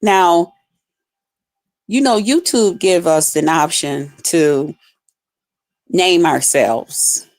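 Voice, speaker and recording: A woman's voice: lowish voice, animated, very slow, pauses often. A woman hosting a livestream, ranting bluntly and profanely at her chat in a casual, fired-up way. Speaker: livestream host.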